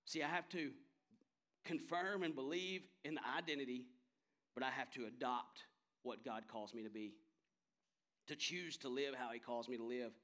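A man's voice: medium pitch, moderate pace, long pauses, fairly bright tone. A man in his thirties, a pastor, preaching a sermon with impassioned emphasis that builds to strong peaks. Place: church sanctuary.

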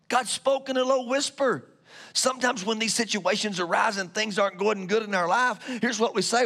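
High-voiced preaching man, booming then hushed. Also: moderate pace, gravelly. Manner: dynamic preaching, swinging from loud shouts to hushed whispers; calls out to congregation. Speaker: pastor. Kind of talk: sermon.

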